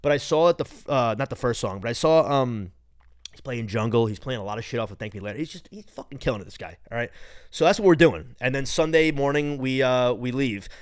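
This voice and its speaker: Late-20s male host, New York accent, excitable and profane, rambling, dry close mic. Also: mid-range voice, fairly quick, no echo. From New York, Long Island. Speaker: podcast host. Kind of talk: casual solo podcast rant.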